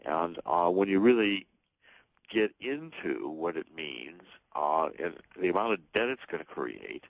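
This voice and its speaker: A man with a very deep voice speaks as a radio guest, driving his points emphatically and restarting his sentences as he goes. The sound is dry and close, with no room around it. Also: very animated, measured pace, creaky, no room sound, poor audio. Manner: emphatic, talks in long runs with restarts. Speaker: guest author and political commentator. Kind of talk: talk radio interview.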